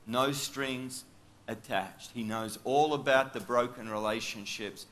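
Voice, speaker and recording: A man's voice: medium pitch, measured pace, fairly bright tone. A man with an Australian accent preaching a sermon in a chatty storytelling way, full of asides. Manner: chatty, with frequent asides and fillers.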